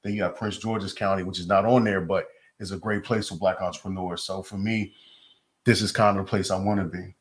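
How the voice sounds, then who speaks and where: A man guest in a casual interview, telling his story in a relaxed, low-key way. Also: a little fast.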